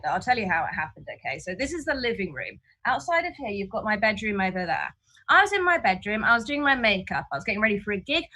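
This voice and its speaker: Bright-voiced exasperated woman comedian. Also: mid-range voice, poor audio. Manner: frank, ranting and exasperated. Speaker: stand-up comedian. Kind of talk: stand-up set streamed from home. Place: flat, indoors.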